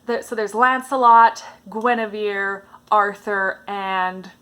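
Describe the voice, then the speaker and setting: A woman's voice: mid-range voice, takes it slowly, clean tone. Enthusiastic woman retelling stories. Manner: animated, enthusiastic retelling with frequent fillers. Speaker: vlogger and stage actress. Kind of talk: casual storytelling chat to camera.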